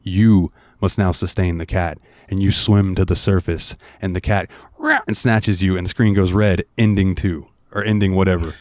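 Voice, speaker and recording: A man's voice: low-pitched, fairly even intonation, normal speed, few pauses, a little mellow, no room sound, clean studio sound. A man co-hosting a casual podcast, rambling through a game's story with lots of fillers. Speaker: podcast co-host.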